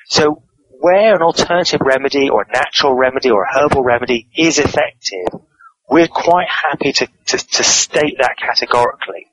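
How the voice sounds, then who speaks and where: Measured man explaining on radio. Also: medium pitch, a bit bright, rough recording. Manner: measured, explanatory, frequent word repeats. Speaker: guest author. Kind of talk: interview answers.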